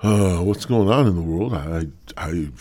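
A stoned man hosts his own podcast in a low, husky voice that has half gone and keeps catching in his throat. He rambles in a slow, crude drift and now and then drops into a breathy whisper. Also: darkish tone. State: high on marijuana; voice partly lost, throat-clearing. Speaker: podcast host.

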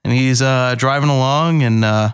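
Relaxed male podcast co-host, dry sound. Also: medium pitch, normal speed, clean tone, dry recording. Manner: relaxed, chatty storyteller. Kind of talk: casual chat over beers.

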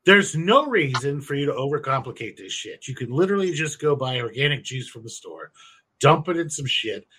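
A podcast co-host jokes crudely in casual talk while explaining how to make wine and beer at home. His mid-range voice is fairly quick and a bit bright with big pitch swings, over slight background noise.

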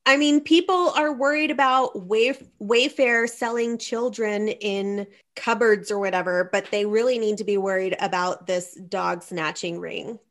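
A woman's voice: mid-range voice, measured pace, few pauses. A woman hosting a casual comedic show, reading news items with dry, wry asides. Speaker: host.

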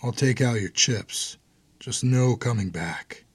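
A man's voice: medium pitch, takes it slowly, husky, no room sound. A man voicing a grim, blunt hardened older brother in an audiobook.

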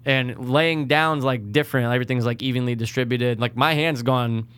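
A man in casual chat, easygoing, often giving quick short replies. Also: medium pitch, steady tone, fairly bright tone, clear, resonant tone, no echo.

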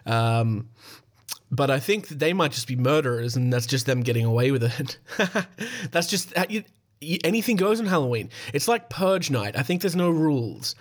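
A man in his thirties with an Australian accent, hosting a podcast in a profane, joking, rambling way and reading spooky stories aloud. His voice is hoarse and going. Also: mid-range voice. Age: 30s. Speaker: podcast host. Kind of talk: casual comedic podcast monologue and story reading.

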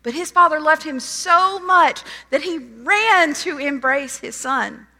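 Bright-voiced woman preaching in a reverberant hall. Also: high voice, slow. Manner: animated storytelling, retelling a parable in lively quoted voices. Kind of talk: sermon.

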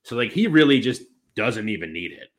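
A man co-hosting a wrestling podcast in easy, rambling chat. His pitch swings widely as he talks. He circles back and restarts his thoughts, dropping in plenty of fillers. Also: sing-song, brisk, fairly bright tone. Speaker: podcast co-host.

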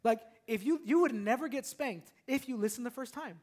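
Very high-voiced male preacher. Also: brisk, hardly any pauses. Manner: animated, repetitive preaching with calls to the congregation. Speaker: pastor. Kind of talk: sermon.

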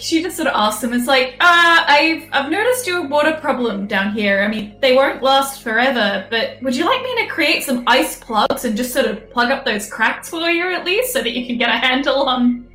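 A high, lively woman's voice, a player speaking for her character in a tabletop game. She talks casually and laughs easily. The room gives her voice an echo, with faint music behind. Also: normal speed.

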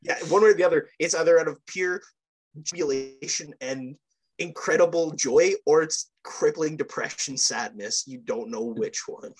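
A man's voice: on the high side, normal speed, breathy edge, rough recording. A young man co-hosting a sports podcast, chatting casually and telling stories with eager enthusiasm. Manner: enthusiastic, animated storyteller. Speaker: podcast co-host. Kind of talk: casual chat.

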